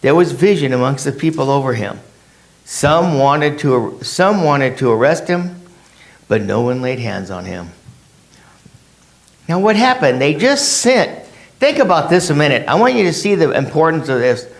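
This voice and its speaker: A man's voice: fairly high pitch, sing-song, normal speed, gravelly. A man leading a casual Bible study, who asks his class rhetorical questions and acts out the people in the story in his own words.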